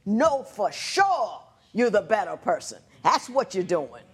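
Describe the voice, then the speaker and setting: A woman's voice: medium pitch, very animated, measured pace. A woman presiding as a TV court judge, lecturing in a stern, emphatic manner. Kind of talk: courtroom TV show judging.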